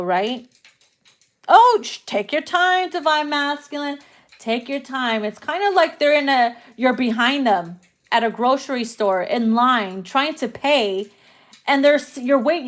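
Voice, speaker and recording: A woman doing a casual tarot reading, brash and profane, laughing often as she talks. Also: high-pitched. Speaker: tarot reader.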